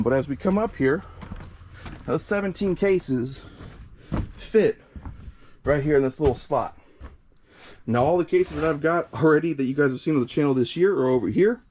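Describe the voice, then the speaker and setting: Standing outside by a storage shed, this young fireworks host from the Midwest casually presents products, a bit winded from the heat and chatting with lots of fillers. His voice is a touch high and slightly mellow.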